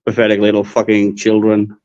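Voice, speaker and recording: A man from the Netherlands, co-hosting a casual live-stream chat, blunt and quick to swear. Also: fairly low pitch, completely flat delivery, darkish tone, smooth. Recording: dull lo-fi stream audio.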